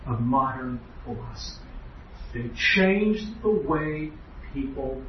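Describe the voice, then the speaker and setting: A man's voice: mid-range voice, expressive, slow pace, a little hiss or hum. Distant man preaching in an echoey chapel. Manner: earnest, emphatic teaching with rhetorical questions. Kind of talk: doctrinal lecture. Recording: echoey hall, distant, muffled.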